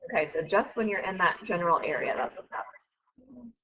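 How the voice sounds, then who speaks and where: A woman's voice: lowish voice, lively intonation, fairly quick. A woman teacher giving a casual classroom math lecture, chatty and often correcting herself. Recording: dull lo-fi recording.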